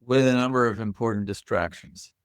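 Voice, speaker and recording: An older man, a podcast guest, telling lively anecdotes in a casual interview. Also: mid-range voice, fairly quick, no echo, clean studio sound.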